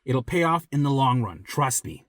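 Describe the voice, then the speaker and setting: A man talking straight to viewers as a recovery coach, blunt and profane, repeating himself for emphasis and dropping to a soft low voice when reassuring. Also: sing-song, moderate pace, dry recording, studio quality. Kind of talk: direct motivational talk to viewers.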